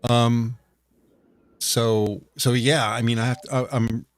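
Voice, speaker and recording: A man's voice: medium pitch, flat delivery, takes it slowly. A man co-hosting a casual online talk show, telling rambling stories with many restarts. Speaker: podcast co-host. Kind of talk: casual chat.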